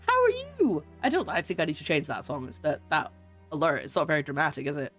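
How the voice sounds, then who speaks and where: A woman's voice: low voice, fast, a bit bright, soft background music. A woman variety streamer chatting casually with her viewers while playing a game, welcoming and laughing often. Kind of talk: casual live-stream chat while gaming.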